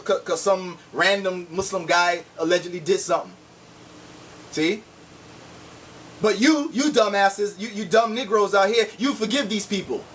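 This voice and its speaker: A man's voice: sits high, fairly bright tone, distant mic, slight background noise. A man delivering a heated, combative video rant, insulting his opponents and repeating "see?" to drive his points home. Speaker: online commentator.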